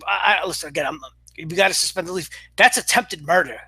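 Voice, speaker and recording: A high-voiced man with a bright, tense tone gives a casual review monologue, sounding exasperated and sarcastic. He talks in halting bursts, stumbling over restarts and fillers. The sound is dry and close, with no room around it. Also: slightly rough, no room sound. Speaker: wrestling commentator.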